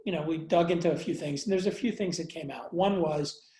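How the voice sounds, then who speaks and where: A man interviewed as a guest, telling a personal story candidly with many pauses, fillers and restarts, and some blunt swearing. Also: a little high, dark tone, echoey room, poor audio. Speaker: interview guest, entrepreneur and investor.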